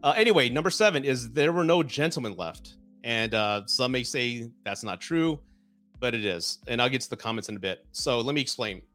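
Man, Southern Texan accent, live-stream host, casual swearing, mid pitch, faint background music. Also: animated, a little fast, fairly bright tone. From South Texas, USA. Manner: chatty, loose, swears, reads comments aloud. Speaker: divorce podcast host.

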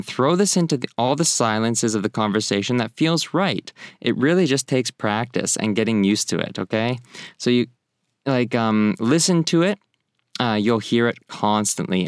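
A man teaching a casual online language lesson, demonstrating phrases with exaggerated, animated intonation. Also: fairly low pitch, clear, resonant tone, no room sound, clean studio sound.

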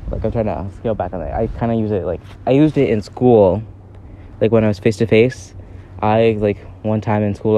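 A man with a lowish, mellow voice rambles through a casual vlog, drifting from thought to thought with many fillers and small restarts. He records outdoors in a park on a handheld phone, so the sound is dull and lo-fi, with a faint breeze behind him. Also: a little hiss or hum. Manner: rambling, chatty, halting with fillers. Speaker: vlogger. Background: faint breeze and park ambience.

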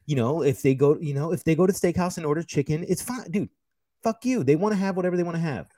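An American chef chatting on a podcast with heated, profane energy. His voice leaps up in pitch and volume when he gets worked up, then drops back to a low grumble. The sound is dry and close, with no room echo. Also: fast talker. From United States. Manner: animated, profane storytelling with loud outbursts. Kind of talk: casual podcast chat.

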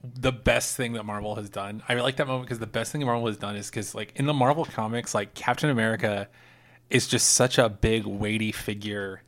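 A man's voice: on the low side, steady tone, fairly quick, fairly bright tone. A man talking as a guest on a casual podcast panel, eager and often stammering and restarting.

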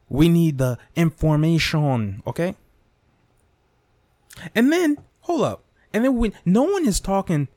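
With a slightly high, darkish voice, a podcast host launches into a heavily profane comedic rant, tacking "dude" and "okay?" onto his lines. The recording is dry, made close on a desk mic with no pop filter.

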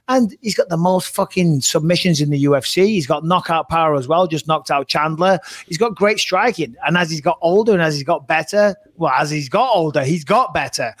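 A man's voice: a little high, no echo, clean studio sound. Chatty, swearing male podcast host. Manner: chatty, swearing, self-correcting. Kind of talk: casual chat.

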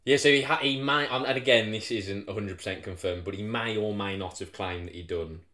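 Male co-host, lower voice, swears a lot, echoey room. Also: brisk. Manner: animated storyteller, swears freely, acts out quotes. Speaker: podcast co-host. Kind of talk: casual chat.

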